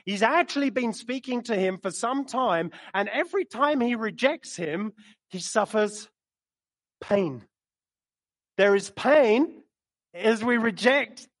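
A man preaching a sermon in a church, animated and storytelling, speaking into a microphone. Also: sits high, slow pace. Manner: animated, storytelling, acts out quotes with laughs. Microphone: microphone he moves around while preaching.

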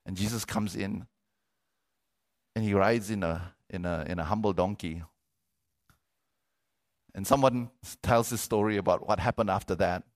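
A middle-aged male pastor preaching a sermon, animated, repeating words and asking for amens. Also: fairly low pitch, moderate pace, long pauses.

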